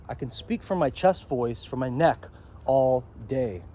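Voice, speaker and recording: Rambling man vlogging outdoors, dark tone. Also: mid-range voice, animated, measured pace, a little hiss or hum. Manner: rambling, asks "okay?" often. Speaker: self-help vlogger. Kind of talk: walking outdoor vlog monologue. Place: outdoors beside a pond.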